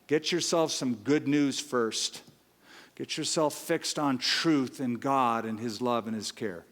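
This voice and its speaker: A man's voice: medium pitch, slow, a bit bright, long reverb tail. A male pastor preaching a sermon, telling a funny story and acting out its characters. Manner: storytelling, voices the characters in a joke.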